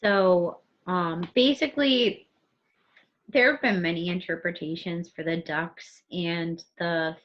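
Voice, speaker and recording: Brief: woman teacher, low-ish voice, chatty thinking-aloud lesson, muffled recording. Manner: thinks aloud, reading passages from the book. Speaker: teacher and podcast co-host. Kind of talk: casual literature lesson podcast.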